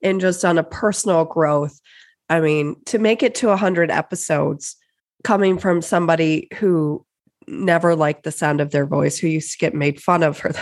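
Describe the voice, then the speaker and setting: Woman podcast host, young adult, casual solo talk, swears freely, slightly low voice. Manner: chatty, candid, swears freely, excitable.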